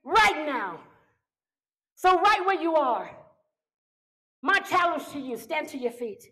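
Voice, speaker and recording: A middle-aged woman pastor preaching a sermon, building to shouted declarations and prayers. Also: sits high, animated, a little slow, rough recording.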